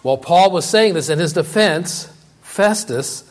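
A man preaching a sermon, reading scripture aloud and paraphrasing it, rising high and loud in quotes and dropping low and quiet to drive points home, repeating key phrases. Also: expressive, measured pace.

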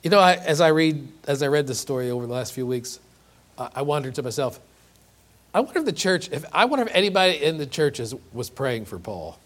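A man's voice: on the high side, very animated, fairly quick, fairly bright tone. A man preaching a sermon, earnest and emphatic, often repeating and restarting words and asking rhetorical questions. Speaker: pastor.

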